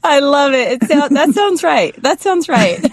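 A woman's voice: sits high, lively intonation, unhurried, no echo. Encouraging woman interview host. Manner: attentive, encouraging backchannels.

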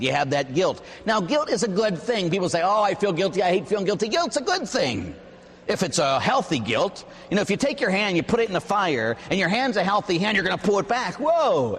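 A man, a Catholic priest, preaching a sermon with animated, emphatic storytelling. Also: fairly high pitch, breathy edge, long reverb tail.

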